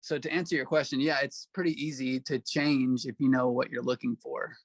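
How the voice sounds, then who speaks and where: Southern-accented man, halting interview guest. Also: medium pitch, steady tone, dry recording. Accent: Southern US, Arkansas. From Arkansas, US. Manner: halting, with many "um"s and restarts. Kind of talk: casual interview answers.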